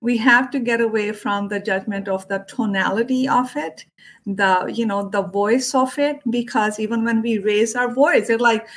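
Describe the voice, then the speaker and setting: In an easygoing spiritual conversation, an Ayurvedic doctor and yoga teacher talks about emotions, bringing quoted voices to life with animated impressions. Her voice is a little high and her pace moderate.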